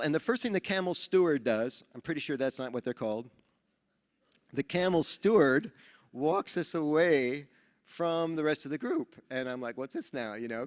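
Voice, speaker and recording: A man from New York giving a motivational talk at a seminar, telling animated stories and acting out the dialogue. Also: medium pitch. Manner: animated storyteller who acts out dialogue. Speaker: Rotary speaker at a training seminar. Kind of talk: motivational speech with storytelling. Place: large event hall. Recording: reverberant hall.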